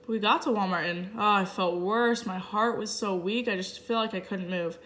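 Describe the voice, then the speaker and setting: A woman interpreter voicing a signer's first-person story aloud in short, halting phrases with restarts. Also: mid-range voice, steady tone, fairly bright tone. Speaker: sign language interpreter.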